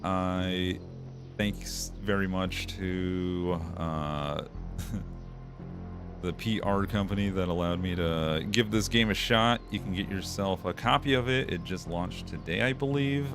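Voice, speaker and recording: Deep, slow-talking male streamer. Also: music in the background. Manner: laid-back, swearing, laughing, chatty. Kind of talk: casual gameplay commentary.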